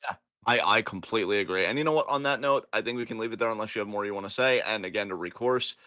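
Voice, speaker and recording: A man with a low, bright-edged voice talks quickly in a casual podcast. He agrees readily and keeps the conversation moving along. The sound is dry and close. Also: dry recording, lo-fi sound. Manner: brisk, agreeable, steering the talk along. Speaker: podcast host steering the segments.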